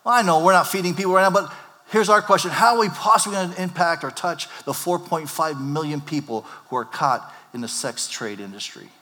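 Animated male pastor in a reverberant church. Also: fairly high pitch, brisk. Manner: animated preaching, acting out the disciples' lines. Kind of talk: sermon. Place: church sanctuary. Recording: long hall reverb.

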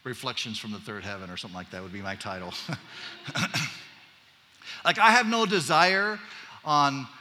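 In a church sanctuary, a man delivers a chatty, casual sermon full of joking asides. He speaks at medium pitch and a moderate pace with long pauses, in a bright, forceful tone, and the large hall gives a long reverb.

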